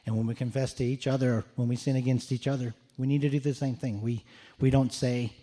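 A man's voice: medium pitch, fairly even intonation, brisk, mellow. A man preaching a sermon in an earnest way, often repeating words as he restarts his phrases. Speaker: pastor.

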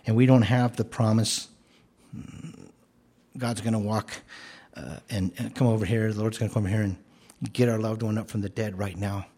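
A man preaching a sermon, earnest and explanatory, rising to emphatic declarations and dropping to a soft, gentle tone. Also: lowish voice, steady tone, normal speed, pauses often. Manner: earnest, rises to emphatic commands then drops soft.

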